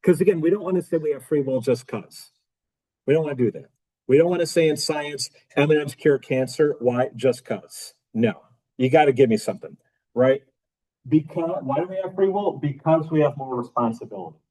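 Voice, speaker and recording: A man lecturing a philosophy class informally throws rhetorical questions at the students and repeats his key phrases. His warm voice is on the high side and a little fast, on a rough recording.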